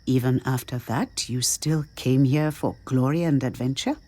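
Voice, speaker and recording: A woman's voice: a bass voice, moderate pace, dark tone, pitched below the performer's own voice. A woman voicing a tough, guarded woman explorer who speaks dry and firm. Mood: gentle.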